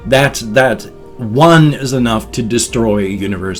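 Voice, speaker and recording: A man's voice: medium pitch, measured pace, faint music behind. A man in his fifties, vlogging in a rambling, playful way and dropping silly sound effects into his talk. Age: 50s. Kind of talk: casual vlog monologue.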